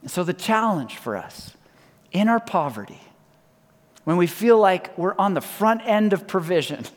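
A fairly high-voiced man delivers a sermon from the pulpit, leaning on repeated phrases and letting his sentences fall soft and quiet. His voice rings out through the long reverb of a large church hall. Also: lively intonation, unhurried. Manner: emphatic, repeats key lines, drops to soft quiet endings. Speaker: pastor.

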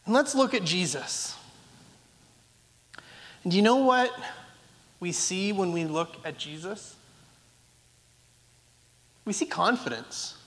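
Slow-preaching pastor in an echoing hall. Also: male voice, high voice, expressive, fairly bright tone. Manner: earnest, repetitive, acts out pleading voices. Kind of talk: sermon. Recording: long reverb of a large hall.

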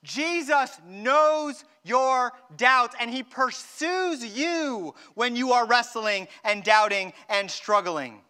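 A man preaching with a very high, bright, clear voice. He acts out the people in his story and slows right down to stress his point. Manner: animated, acts out dialogue, slows down for emphasis. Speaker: pastor. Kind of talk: sermon.

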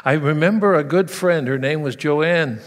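A man's voice: a little high, moderate pace, long reverb tail. A man preaching a sermon, telling stories and asking his listeners direct questions.

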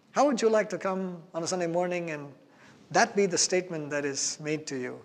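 A man preaching a sermon as pastor, earnest and emphatic, slowing down to stress key phrases. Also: sits high, long reverb tail.

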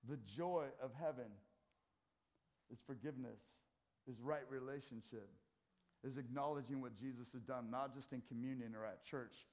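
A middle-aged man preaching a sermon in a church, swinging from loud scripture readings to quiet asides. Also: mid-range voice, normal speed. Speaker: pastor. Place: church sanctuary.

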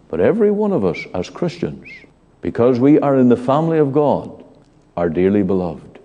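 A man preaching an evening sermon in a church, slow and emphatic with dramatic pauses. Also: low-pitched, sing-song, mellow, highs cut off. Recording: long church hall reverb.

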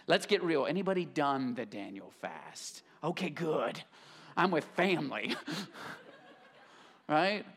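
A male pastor preaches a live sermon in a church, swinging his pitch up and down as he tells a Bible story. He slips into casual voices for its characters and reads scripture more slowly and quietly. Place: church sanctuary, live congregation.

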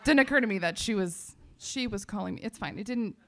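A woman from Texas, giving an animated personal testimony to a church audience, full of fillers and quoted self-talk. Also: mid-range voice, brisk, a little hiss or hum.

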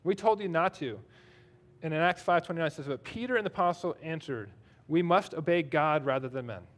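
With lively intonation, a voice on the high side and a fairly quick pace, this male pastor preaches. The sermon mixes scripture read aloud with his own conversational, self-deprecating remarks.

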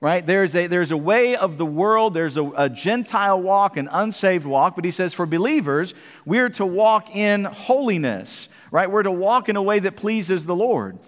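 Pastor guy preaching sunday morning, pretty high voice, big reverb from the hall. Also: lively intonation, moderate pace. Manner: emphatic preaching, asks the congregation questions. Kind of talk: sermon.

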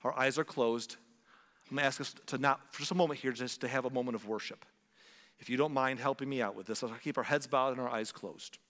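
A man's voice: mid-range voice, steady tone. Earnest pastor man in a reverberant hall. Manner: earnest, slows and softens into hushed prayer. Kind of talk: sermon altar call and prayer. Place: church sanctuary.

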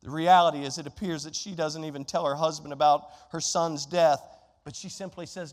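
A man preaching a sermon, telling a Bible story in an animated way and throwing rhetorical questions at his congregation. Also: fairly high pitch, a little fast, long reverb tail. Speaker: pastor.

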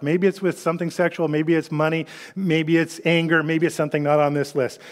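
A man's voice: fairly high pitch, level tone, brisk, few pauses. A middle-aged man giving a conversational sermon as pastor, with frequent fillers and repeated words.

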